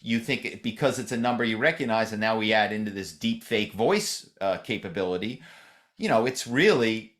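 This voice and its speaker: Animated and somewhat bright in tone, this middle-aged podcast guest has a fairly low voice and a moderate pace. Throughout the conversational interview he rambles, restarting sentences and leaning heavily on "you know."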